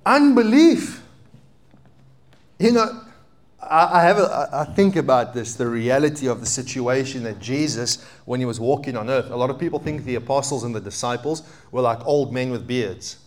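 A man in his thirties preaching a sermon as a pastor, animated, swinging between loud emphatic peaks and quiet asides. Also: medium pitch, fairly quick, few pauses. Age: 30s.

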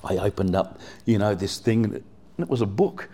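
A man's voice: on the low side, lively intonation, normal speed, warm tone. A man from England preaching a sermon to a congregation in a church, talking casually with lots of "you know" and questions to the people in front of him. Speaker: pastor.

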